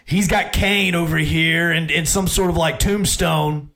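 A man's voice: a little high, steady tone, a little slow, creaky, sharp tone. An adult man hosting a sports talk show, telling a rambling story in a casual monologue with many restarts.

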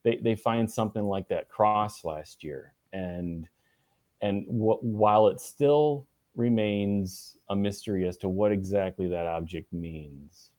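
A man answering interview questions in a relaxed, halting way, with many restarts and fillers. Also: fairly low pitch, no room sound. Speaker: guest. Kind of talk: casual interview conversation.

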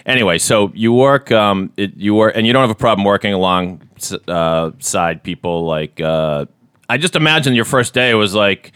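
A man hosting a podcast, telling animated stories with quick impressions. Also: lowish voice, clean tone, dry recording, studio quality. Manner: animated storyteller, slips into impressions. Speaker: podcast host. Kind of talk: casual chat.

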